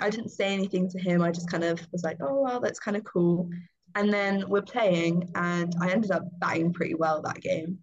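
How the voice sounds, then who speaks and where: A young woman from England, a guest cricketer, telling a long story in a chatty, casual way with lots of ums and small laughs. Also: lowish voice. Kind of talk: casual interview chat. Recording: dull lo-fi sound.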